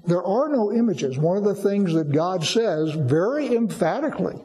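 Man, preacher, teaching sermon, emphatic, mellow tone, echoing hall. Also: high-pitched, lively intonation, normal speed, hardly any pauses, slight background noise. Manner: teaching, explanatory, with emphatic repetition.

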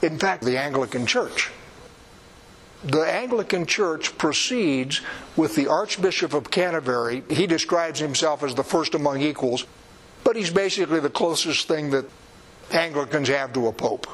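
Man preaching, higher-pitched and conversational. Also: lively intonation, moderate pace, fairly bright tone, husky, rough recording. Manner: conversational, emphatic, with wry asides. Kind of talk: sermon.

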